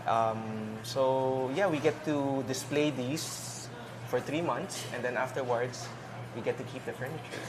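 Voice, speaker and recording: A man's voice: mid-range voice, a little slow. Man, diner owner, easygoing, noisy background. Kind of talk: casual chat.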